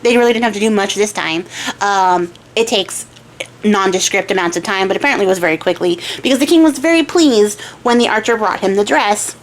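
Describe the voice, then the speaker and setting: A woman's voice: mid-range voice, brisk. A young woman hosting a crafting channel, casually retelling a folktale with chatty asides and frequent giggles. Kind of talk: casual storytelling while crafting.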